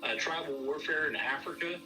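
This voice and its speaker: A man's voice: a little high, a little fast, sharp tone, soft background music. A man chatting casually on a podcast, telling long rambling stories and repeating "I kid you not", recorded from a distant mic. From Southern California. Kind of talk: casual chat.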